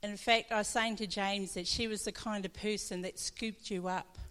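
A woman pastor tells her testimony in a chatty, storytelling way and laughs often. Her voice sits at an ordinary middle pitch. It rings with long reverb from a church hall. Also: fairly even intonation, moderate pace, a bit bright.

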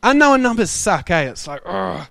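A young man preaching a sermon, telling stories in a lively way and laughing often. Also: on the high side, unhurried, smooth. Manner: animated, laughing storyteller. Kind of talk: sermon storytelling.

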